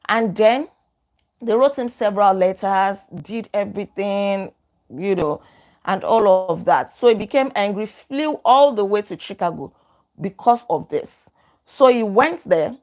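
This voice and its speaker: Woman host, chatty storyteller, casual and full of asides. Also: medium pitch. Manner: chatty, retells stories in her own words with many asides. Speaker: book review host.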